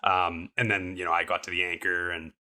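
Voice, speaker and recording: Low, bright-toned young man telling a story. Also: level tone, fairly quick. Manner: rambling, upbeat, lots of fillers like "like" and "um". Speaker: podcast co-host and guest recounting a climbing fall. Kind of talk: casual storytelling interview.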